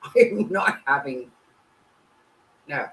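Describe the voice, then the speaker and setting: A woman's voice: takes it slowly, low-quality recording. A woman hosting a casual livestream, talking bluntly and swearing constantly, with her voice swinging up and down. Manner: blunt and heavily profane; animated, swinging pitch. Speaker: host.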